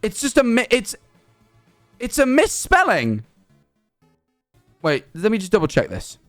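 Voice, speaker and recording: A man talks casually to his stream audience in a high, bouncy voice that swings widely in pitch. He rants animatedly and swears freely. Faint music plays behind him. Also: measured pace. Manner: animated ranting, frequent swearing. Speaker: livestreamer. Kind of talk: casual chat to stream viewers.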